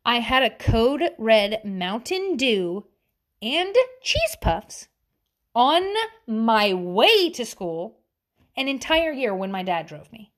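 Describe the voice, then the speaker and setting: A woman's voice: fairly high pitch, takes it slowly. A woman in her thirties giving blunt, profane parenting advice in a casual monologue, acting out the other voices she quotes. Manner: blunt, profane, animated quoting.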